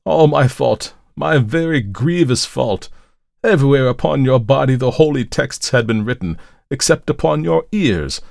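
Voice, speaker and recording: A man's voice: lowish voice, animated, moderate pace, vocal fry, no room sound, clean studio sound, voice pushed up. A man voicing a kindly, distressed old priest who speaks in an anxious, pleading way. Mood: distressed, apologetic. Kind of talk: storybook narration.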